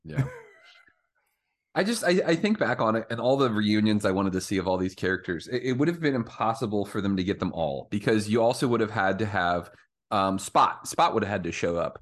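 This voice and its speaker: A man co-hosting a casual podcast chat, animated, laughing often and acting out quotes. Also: on the low side, a little fast. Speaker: podcast co-host.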